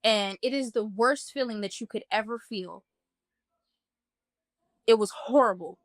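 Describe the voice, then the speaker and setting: A woman's voice: a little high, unhurried, no room sound, studio quality. A woman earnestly recounting a personal experience in vivid first-person detail, talking casually with many "like" fillers. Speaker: guest telling a personal testimony. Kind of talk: emotional first-person storytelling.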